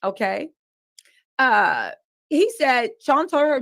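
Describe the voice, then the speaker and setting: Female co-host, high and very expressive, dry close sound, reading quotes in casual commentary. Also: moderate pace, dry recording.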